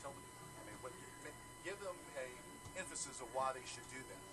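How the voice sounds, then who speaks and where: A man hosting a live radio show, bawdy and showy, jumping from loud announcements to low asides. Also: lively intonation, moderate pace, loud music behind the voice. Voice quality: showy, bawdy, swings from shouting to mumbling. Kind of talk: brash live radio banter.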